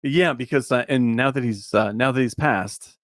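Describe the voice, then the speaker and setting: A man's voice: medium pitch, a bit bright, dry recording, clean studio sound. A man co-hosting a podcast, chatting casually and jokily. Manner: jokey, quick to laugh, chimes in. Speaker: podcast co-host. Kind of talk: casual chat.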